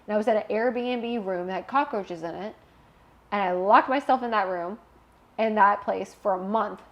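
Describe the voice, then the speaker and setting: A young woman guest telling a personal story in a candid interview, animated and emotional, laughing at times. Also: mid-range voice, moderate pace, muffled recording.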